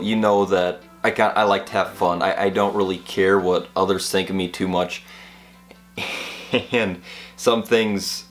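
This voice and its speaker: A young man vlogger telling college stories in a casual, rambling, animated way, full of fillers. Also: sits low. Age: young adult. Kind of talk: casual storytelling vlog.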